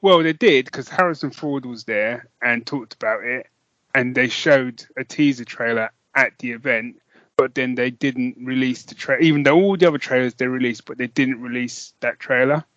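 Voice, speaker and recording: British male podcast co-host, excitable and rambling, mid pitch, dull dry lo-fi mic. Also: moderate pace, no room sound. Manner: enthusiastic, rambling, laughs often. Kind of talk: casual chat.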